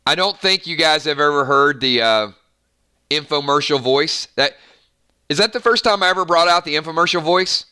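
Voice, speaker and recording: Hyper rambling game host from the south, bright voice, kinda high. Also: male voice, lively intonation, smooth. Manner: hyper, rambling, quick asides. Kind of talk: live game stream commentary.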